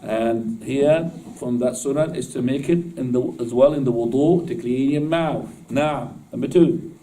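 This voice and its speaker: A man's voice: medium pitch, measured pace, dark tone, recorded from a distance, rough recording. A man teaching Islamic law to a class in casual, informal speech, often asking his students questions and laughing at his own jokes. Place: mosque classroom.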